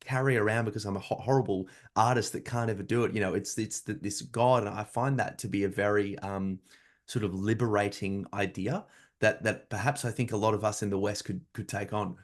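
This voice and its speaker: Low-voiced podcast host musing. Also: male voice, fairly even intonation, a little fast. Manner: reflective, loosely phrased. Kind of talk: casual chat.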